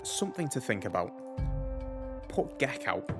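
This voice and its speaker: A man's voice: medium pitch, very animated, unhurried, music in the background. A man giving casual gameplay commentary as a let's play host, muttering his moves to himself, upbeat, with the odd swear.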